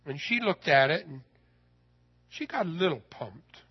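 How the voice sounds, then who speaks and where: A man telling a personal story in a sermon, folksy and animated, his voice rising when he gets excited. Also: a little high, normal speed, slightly rough, lo-fi sound.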